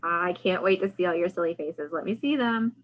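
A woman's voice: on the low side, brisk, muffled recording. A woman hosting a library storytime, singing action songs and coaching young children through gestures. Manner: cheerful, sing-song, coaching kids through motions.

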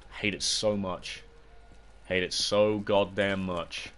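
A man's voice: low voice, slow pace, slight background noise. A young British man streaming a zombie game, chatting to viewers and yelping and cursing at the game. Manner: excitable, yelps and shouts at the game, chats to viewers. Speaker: livestreamer. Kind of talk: casual gaming livestream commentary.

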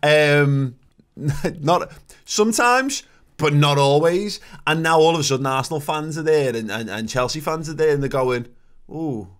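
A man's voice: on the high side, animated, normal speed, smooth. A man, co-hosting a podcast in casual chat, ranting and swearing with many restarts. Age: 30s. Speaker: podcast co-host.

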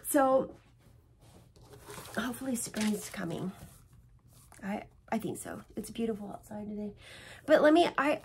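A woman's voice: a little high, gravelly, slight background noise. A middle-aged woman vlogging casually from home about cross-stitch, rambling and chatty, restarting and correcting herself often. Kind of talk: casual chat.

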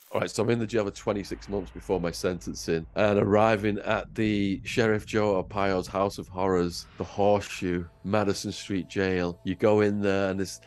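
An English man, a guest on an interview show, telling his own story in a vivid, dramatic way. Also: on the low side. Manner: vivid, acts out voices.

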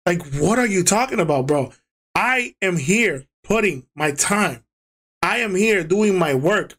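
A young man telling a story in a casual rant, animated and exasperated, swearing a lot and slipping into the voices of the people he quotes. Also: high voice. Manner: flips into other people's voices when quoting them. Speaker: YouTuber.

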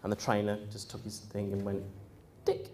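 A man telling a live audience his own story in a casual, animated way, often laughing, mimicking the people he quotes and filling gaps with ums and uhs. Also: fairly low pitch, fast talker, a little hiss or hum. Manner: frequent ums and uhs, conversational. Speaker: speaker recounting his experience.

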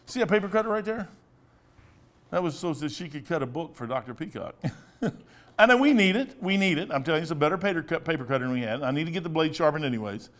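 A man's voice: on the high side, animated, fast talker. A man in his sixties, a pastor with a Midwestern American accent, preaching a sermon in a folksy, rambling storytelling way with asides. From United States. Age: 60s.

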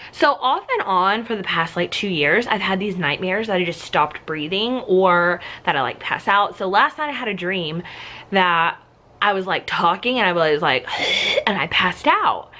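A woman's voice: on the low side, animated, a little slow, sharp tone. A young woman chatting casually to her camera at home in a rambling way, full of "like"s, out of breath at times. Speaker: vlogger. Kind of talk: casual vlog chat. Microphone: handheld camera.

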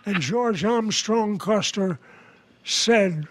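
An older man, a podcast guest, telling jokes in an unhurried, chuckling way. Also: high-pitched.

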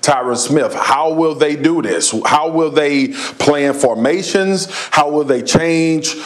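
Man, fairly high voice, sports analyst, playful drama. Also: slow pace. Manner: playfully melodramatic, conversational. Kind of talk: studio sports talk.

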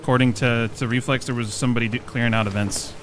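A man's voice: mid-range voice, steady tone, quick pace, a little hiss or hum. A man playing a multiplayer game with a friend, giving hyped, profane callouts. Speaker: gaming teammate. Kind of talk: casual gaming chat.

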